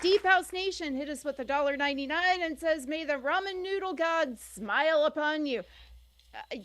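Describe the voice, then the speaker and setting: A woman co-hosts a livestream and reads out viewer messages in an upbeat, matter-of-fact way. Her voice sits high. A faint crowd murmur can be heard behind her. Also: normal speed, noisy background. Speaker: co-host reading super chats. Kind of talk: casual livestream chat.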